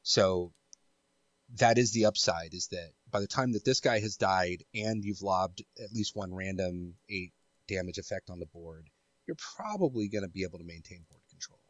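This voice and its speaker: Man with a cold, podcast co-host, deep voice, dry close sound, hedging casual talk. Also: lively intonation, moderate pace, no echo, lo-fi sound. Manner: thoughtful, hedging analysis. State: has a cold. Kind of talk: casual chat.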